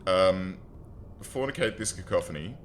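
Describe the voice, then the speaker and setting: This let's-play streamer talks in a low, expressive voice at normal speed, with slight background noise behind him. He jokes and chats casually while playing a strategy game, addressing both viewers and the characters on screen.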